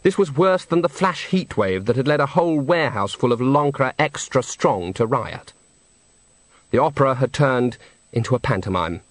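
Wry storyteller with a lively voice. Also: male voice, medium pitch, moderate pace, no echo. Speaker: narrator. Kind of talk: audiobook narration.

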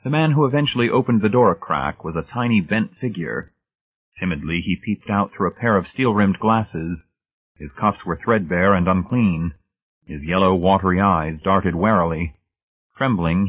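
A man reading a novel aloud as audiobook narrator, in steady, measured scripted narration. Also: low-pitched, slightly rough. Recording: tinny phone-like band.

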